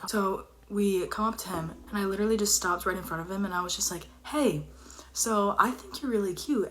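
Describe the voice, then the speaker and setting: A young woman telling a personal story in casual chat, animated and dropping into whispers for emphasis. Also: mid-range voice.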